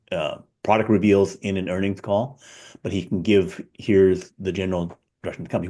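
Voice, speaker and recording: A man's voice: low-pitched, a little mellow. A man co-hosting a casual tech discussion, thinking aloud with many fillers and restarts. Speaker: podcast co-host. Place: San Francisco area.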